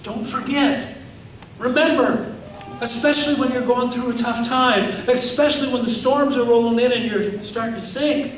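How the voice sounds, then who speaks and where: A man's voice: extremely high pitch, steady tone, fairly quick, hardly any pauses, a little hiss or hum. A man preaching a sermon as pastor, emphatic and repetitive, often asking the congregation questions. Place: church sanctuary. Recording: echoey church hall from far off.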